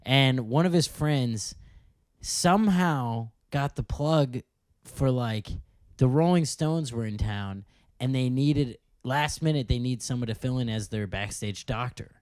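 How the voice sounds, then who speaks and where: A man's voice: medium pitch, a little slow, darkish tone, no room sound, studio quality. A man co-hosting a casual podcast, telling a family story with frequent laughter and goofy impressions. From Minnesota. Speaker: podcast co-host.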